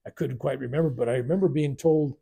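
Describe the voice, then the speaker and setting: Gravelly, mellow-voiced man telling a spiritual story. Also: medium pitch, fast talker. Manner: rambling, animated retelling with acted quotes. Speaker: spiritual teacher. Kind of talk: workshop storytelling. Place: workshop room.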